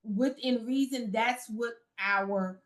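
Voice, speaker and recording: Podcast guest: woman from Chicago, fairly high voice, earnest, restarts her sentences. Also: slow. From Chicago, United States. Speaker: podcast guest, recruitment business founder. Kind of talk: casual interview chat.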